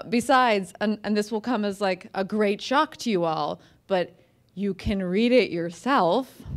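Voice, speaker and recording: An American woman author talking casually to an audience, chatty and self-deprecating, with lots of fillers and restarts. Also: mid-range voice. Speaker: author giving a talk. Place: museum event room.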